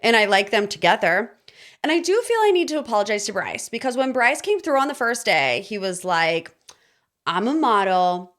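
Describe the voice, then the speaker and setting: A woman's voice: fairly high pitch, brisk. Opinionated young woman recapping reality TV. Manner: opinionated, sarcastic, animated retelling. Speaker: podcast host.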